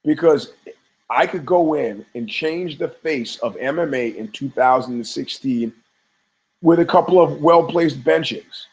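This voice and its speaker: A man's voice: a little high, measured pace, poor audio. Profane rambling man telling stories. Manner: profane, storytelling, many restarts and asides. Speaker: podcast host. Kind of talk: rambling casual commentary.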